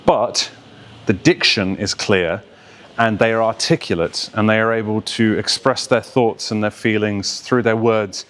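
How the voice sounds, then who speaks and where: Lower-voiced male voice coach. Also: measured pace. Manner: articulate, steady, explaining with examples. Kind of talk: explanatory video lesson.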